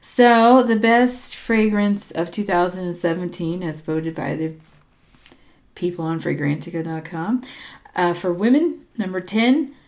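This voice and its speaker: Slow, hesitant woman reading a list. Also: on the low side, darkish tone. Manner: hesitant, unsure pronunciations, trailing asides. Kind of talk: casual chat reading out a ranked list.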